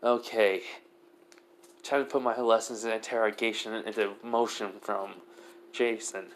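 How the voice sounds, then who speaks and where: A man voicing a determined young male ninja in a low, urgent tone. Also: little pitch movement, a little slow, slight background noise, lightly acted.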